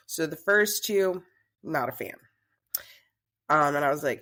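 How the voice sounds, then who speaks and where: Woman, talk show host type, guest spinning a lively story in a casual chat. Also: low voice, moderate pace, long pauses, slightly rough. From Southern United States. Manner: chatty, animated storyteller.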